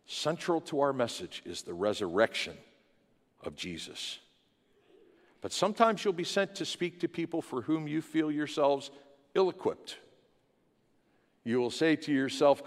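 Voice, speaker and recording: A male pastor delivers his sermon in a fervent preaching voice that climbs into loud, ringing declarations. His words trail off into the long echo of a large church sanctuary. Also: mid-range voice, expressive, a little slow. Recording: long hall reverb in a church.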